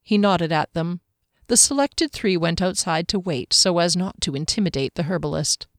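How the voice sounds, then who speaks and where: A woman with a fairly low voice narrates a fantasy audiobook from a script, steady and measured in her storytelling. The studio recording is clean, with no room sound.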